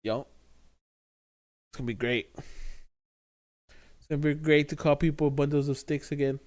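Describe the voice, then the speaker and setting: A man's voice: a little high, steady tone, a little slow, a little mellow, dry recording. A man co-hosts a casual chat podcast, joking and swearing freely. His voice is recorded dry and close, with no room sound. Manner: joking, profane, laughs along. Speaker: podcast co-host.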